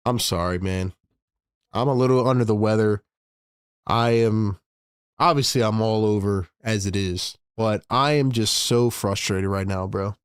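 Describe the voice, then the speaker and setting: A man's voice: on the low side, steady tone, moderate pace, clear, resonant tone, no room sound, studio quality. A man hosting a live fan broadcast, calling the plays and scolding the team in exasperation. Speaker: host calling live play-by-play. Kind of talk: fan play-by-play and rant.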